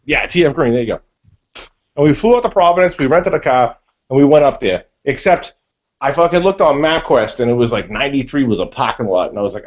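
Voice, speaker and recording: A man from Massachusetts telling stories on a group video call, animated and full of swearing. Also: medium pitch, quick pace. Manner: profane, animated storytelling. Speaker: panelist. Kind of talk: casual storytelling on a group call. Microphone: online video call. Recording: dull lo-fi call audio.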